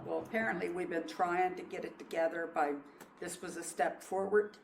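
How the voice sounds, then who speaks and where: A woman's voice: lowish voice, steady tone, moderate pace, gravelly. A woman serving as village clerk, answering budget questions in a matter-of-fact, defensive way. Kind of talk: council meeting discussion. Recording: echoey room with noise.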